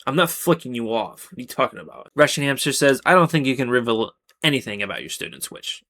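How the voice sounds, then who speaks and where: A man reads Reddit stories aloud in a loose, casual way, with a voice that sits at a middle, ordinary pitch. He keeps cutting in with sarcastic, exasperated remarks about what he reads. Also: very animated, fast talker, pushed and bright. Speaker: Reddit story narrator. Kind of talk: reading posts with casual commentary.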